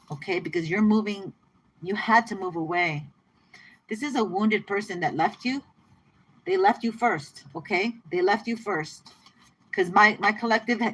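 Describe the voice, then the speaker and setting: A woman giving a casual tarot reading to her viewers, chatty and excitable, often repeating herself and laughing. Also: medium pitch, a little hiss or hum, poor audio. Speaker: tarot reader.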